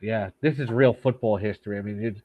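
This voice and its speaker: A man's voice: fairly low pitch, a little fast, warm tone, dry recording. A man who is a fantasy football guest, chatting in a self-deprecating, talkative way over remote audio. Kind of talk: casual chat. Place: home in New York. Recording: dull dry remote audio.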